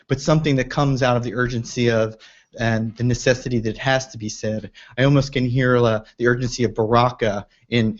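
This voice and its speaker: A man's voice: mid-range voice, darkish tone. A man giving reflective commentary on a poem, thinking aloud with restarts. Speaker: poetry reader and commentator. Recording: dull lo-fi recording.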